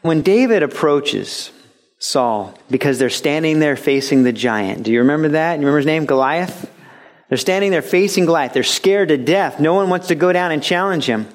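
Brief: male pastor, middle-aged, slightly higher voice, chatty but emphatic sermon delivery. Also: animated, moderate pace. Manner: conversational, emphatic preaching with acted quotes.

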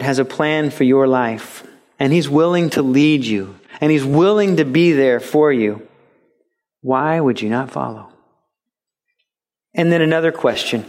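A male pastor preaching a sermon, animated and acting out little dialogues and mimicking voices for laughs. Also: fairly high pitch.

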